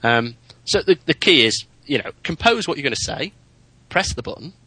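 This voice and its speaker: A man in casual chat about flying, chatty and anecdotal, getting animated in his stories. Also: fairly high pitch, moderate pace, husky, no room sound, poor audio. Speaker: podcast co-host, private pilot.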